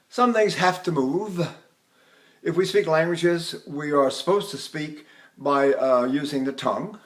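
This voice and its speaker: A man's voice: animated, measured pace. A man, an older voice teacher, giving a lecture on vocal technique and stopping to sing short demonstration phrases and syllables. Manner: breaks into sung and falsetto-high demonstration phrases.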